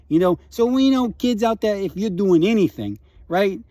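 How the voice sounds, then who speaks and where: A man's voice: high voice, normal speed, hardly any pauses, mellow, no echo. A middle-aged man with a Bronx accent, telling a rambling comic monologue full of asides. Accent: New York, Bronx. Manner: rambling, full of "you know" and "right?". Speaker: comedic character host.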